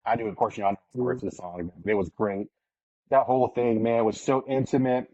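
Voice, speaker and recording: A man's voice: mid-range voice, fairly even intonation, a little fast, mellow, dry recording, dull audio. A man hosting a casual podcast, rambling a little. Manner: rambling, fillers and restarts. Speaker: podcast host. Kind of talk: casual chat.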